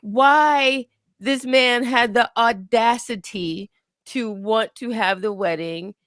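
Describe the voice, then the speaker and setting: A woman who is a guest on a casual podcast, talking calmly and reflectively and relating the show to her own life. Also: fairly high pitch, takes it slowly, no room sound, studio quality. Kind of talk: casual pop-culture chat.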